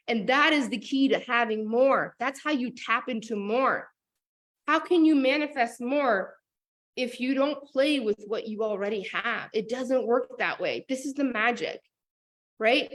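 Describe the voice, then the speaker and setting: A woman talking casually as a motivational coach, animated and full of fillers like "like" and "oh my God". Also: a little high, moderate pace. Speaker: business and manifestation coach.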